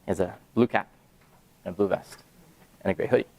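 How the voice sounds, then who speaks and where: A young man in his twenties, a startup founder speaking to university students, telling a personal story in an animated way and acting out the dialogue with excited jumps in his voice. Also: low voice, a little fast, heavy background noise. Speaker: startup founder giving a talk. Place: university event room, audience present.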